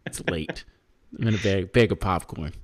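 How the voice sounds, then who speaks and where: A man's voice: deep voice, normal speed, slight background noise. A man co-hosting a podcast in casual, jokey, rambling chat, laughing often. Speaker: podcast co-host.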